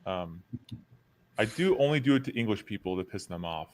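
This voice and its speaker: A man's voice: on the low side, animated, brisk. A man from the United States hosting a podcast, chatty and joking through a casual interview. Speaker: podcast host.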